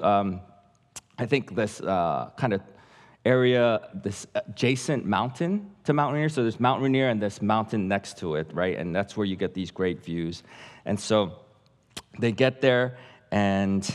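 A man as guest pastor telling a story in a sermon, animated and acting out voices, then dropping to a hush. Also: medium pitch. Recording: long reverb of a large hall.

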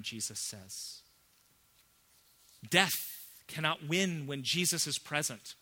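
A man preaching a sermon as pastor, emphatic, swinging between hushed and loud. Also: a little high, unhurried.

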